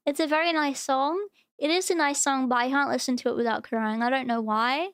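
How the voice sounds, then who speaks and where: A woman's voice: sits high, fairly even intonation, fairly quick, hardly any pauses, dry recording, studio quality. A young woman streaming, chatting casually and gushing over cute animal videos. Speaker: VTuber streamer.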